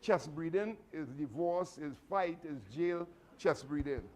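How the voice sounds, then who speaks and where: A man's voice: fairly high pitch, a little slow, a little mellow. A man, a martial arts instructor giving a motivational speech to his students, earnest and repetitive with many restarts. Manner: fatherly advice giving.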